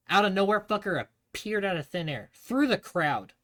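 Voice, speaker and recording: A man telling army training stories to his stream in a casual, profane, animated way. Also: medium pitch, quick pace, hardly any pauses.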